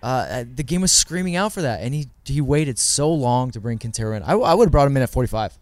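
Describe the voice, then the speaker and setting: A man co-hosting a casual sports podcast, giving quick, earnest match analysis. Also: medium pitch, animated, a little mellow, no room sound. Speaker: podcast co-host, works in club's digital department.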